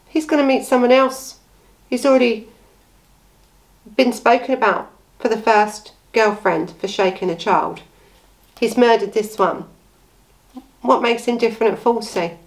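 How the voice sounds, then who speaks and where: A woman with a voice on the high side delivers blunt, indignant true-crime commentary, impassioned about a case and full of rhetorical questions. The audio is poor.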